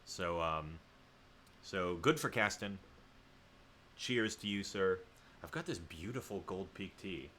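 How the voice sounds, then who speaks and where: Guy from the south hosting a stream, super bright punchy tone, rambly and keeps restarting himself. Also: sits low, expressive, takes it slowly, long pauses. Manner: rambling, self-correcting, chatty asides to viewers. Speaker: livestream host. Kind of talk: casual livestream chat.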